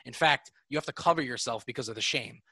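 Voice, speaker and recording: A man's voice: medium pitch, quick pace, sharp tone, slightly rough, dry recording. A young man co-hosting a podcast, rambling in loose casual chat. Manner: rambling, loose, lots of filler words. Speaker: podcast co-host.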